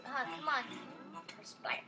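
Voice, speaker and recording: A woman's voice: sits high, very animated, slow pace, over loud music. A woman giving casual, jokey commentary while playing a game, reacting aloud as she goes. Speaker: gamer.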